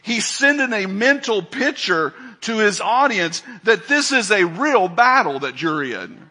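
An older man preaching a sermon as pastor, emphatic, swinging between loud calls and quiet asides. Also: sits high, sing-song, a little slow.

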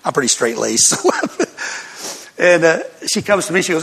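A man's voice: fairly high pitch, expressive, a little slow, gravelly, fairly bright tone, husky, long reverb tail. An older man, a pastor, telling a personal testimony to his congregation as an emotional storyteller who laughs between lines.

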